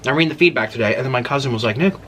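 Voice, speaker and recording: A young man hosting a casual eating vlog, talking freely and letting out loud exclamations as he tries spicy food. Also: mid-range voice, very fast, background noise. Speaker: mukbang host.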